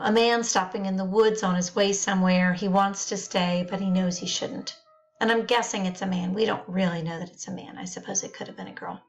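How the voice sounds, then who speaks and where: A woman reading poems aloud and explaining their features in slow, careful phrases with pauses. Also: medium pitch, poor audio.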